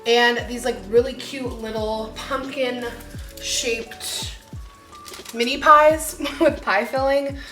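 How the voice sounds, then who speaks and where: A woman's voice: on the high side, fairly even intonation, slow pace, bright, forceful tone. A young woman in her twenties chatting casually through a home cooking vlog, bubbly, giggly and poking fun at herself. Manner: bubbly, giggly and self-mocking. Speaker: lifestyle vlogger. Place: home kitchen. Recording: echoey kitchen with music underneath.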